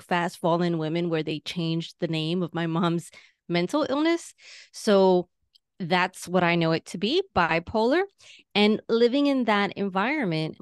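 A woman's voice: on the low side, smooth, no echo, clean studio sound. New York woman with a mild Latina accent. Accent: New York with a slight Latina tinge. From Astoria, Queens, New York. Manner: animated, effusive, quick to laugh. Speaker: podcast guest. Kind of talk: casual interview conversation.

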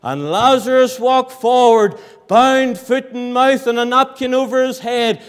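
A man preaching a sermon in a church hall, impassioned, swinging from loud cries to hushed low lines. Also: unhurried, clean tone. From Northern Ireland.

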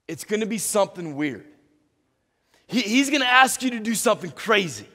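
A man preaching a sermon as pastor, animated, stumbling and restarting often, and acting out little dialogues. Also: high voice, normal speed. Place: church sanctuary. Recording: reverberant church hall.

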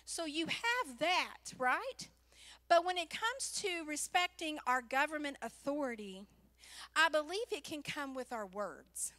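A woman speaking at a church, a pastor's wife telling an animated personal story within a sermon. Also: high voice, unhurried.

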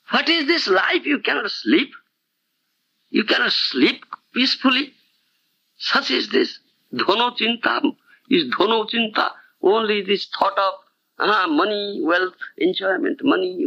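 Man, spiritual teacher; high, lively, gravelly voice; dull old lecture tape. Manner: chants scripture verses, keeps asking "do you understand?". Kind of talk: devotional lecture.

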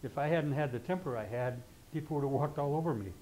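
A man's voice: medium pitch, fast talker, warm tone, a little hiss or hum, low-quality recording. Man, older, astrology teacher, informal class lecture, conversational, rambling asides. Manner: conversational, keeps checking in with "okay?".

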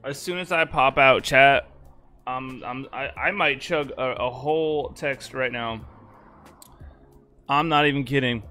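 A man's voice: medium pitch, measured pace, long pauses, bright, forceful tone. A young man live-streaming in a casual, rambling way, exasperated and stammering through restarts as he talks to his chat.

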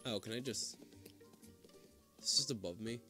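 A man playing a co-op game with a friend, excitable and swearing, swinging between yelling and muttering. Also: fairly low pitch, a little slow, faint music behind. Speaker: gamer. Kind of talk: casual co-op game commentary.

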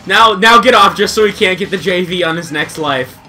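A man's voice: high voice, fairly quick, bright, forceful tone, soft background music. A young man joking and teasing his friends during a casual game session. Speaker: gamer. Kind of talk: casual gaming banter.

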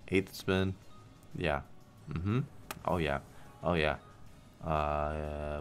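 A man's voice: rumbling low, fairly even intonation, drawn-out words, long pauses, faint music behind. A young man streaming slot games, talking casually to the game and his viewers, swearing, pleading and sarcastic. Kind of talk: casual gambling stream commentary.

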